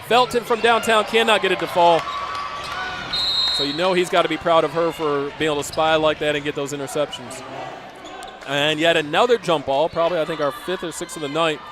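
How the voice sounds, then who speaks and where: A man calling a high school basketball game play by play, with excited calls and chatty asides. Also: brisk. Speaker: play-by-play announcer. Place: school gym broadcast booth. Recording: noisy gym ambience behind.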